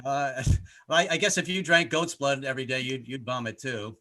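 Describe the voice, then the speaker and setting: A man performing a rambling, self-deprecating stand-up comedy set, often shouting in put-on voices. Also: mid-range voice, steady tone, normal speed. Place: home in Brooklyn, skyline behind.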